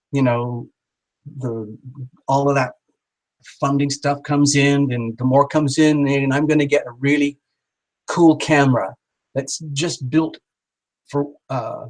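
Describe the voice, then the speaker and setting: A man hosting a live tarot reading stream, talking in a chatty, encouraging way. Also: mid-range voice. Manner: warm, encouraging, chatty, with playful exaggerated voices. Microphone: small built-in camera mic. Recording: small camera on a poor live-stream connection.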